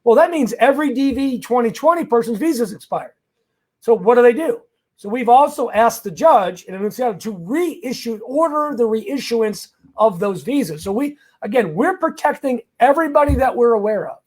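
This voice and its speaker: A man with a strikingly high voice for his sex hosts a live question-and-answer stream as an immigration lawyer. He is energetic and chatty and greets viewers by name. He stresses his legal points emphatically, as if rallying a crowd. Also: normal speed.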